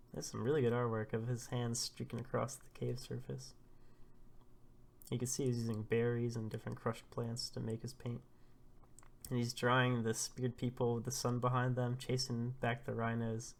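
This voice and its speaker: A man hosting a casual manga read-through, excitable and laughing as he retells the chapter. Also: mid-range voice, moderate pace, vocal fry.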